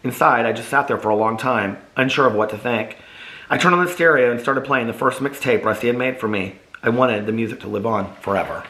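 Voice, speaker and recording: Bright-voiced man reading his own novel. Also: mid-range voice, fairly quick, roomy sound, poor audio. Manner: emotional, earnest reading aloud. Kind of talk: first-person audiobook reading.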